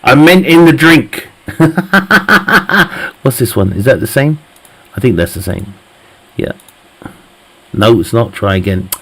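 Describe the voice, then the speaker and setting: A man's voice: mid-range voice, animated, slow pace, long pauses, a bit bright, husky. A man live streaming a game, chatting casually with viewers, joking, teasing the chat, laughing often and swearing freely.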